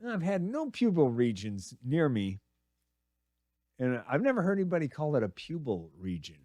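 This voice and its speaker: A man's voice: medium pitch, wildly swooping pitch, normal speed, mellow, no echo. A middle-aged man hosting a radio show, rambling through crude, self-mocking comedy. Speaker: radio host. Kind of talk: casual comedic monologue.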